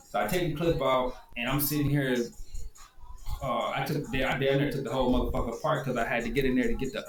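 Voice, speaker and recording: A man with a Detroit accent telling a rambling, profane story and casually showing how something works. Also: mid-range voice. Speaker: video host. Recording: echoey room, faint background noise.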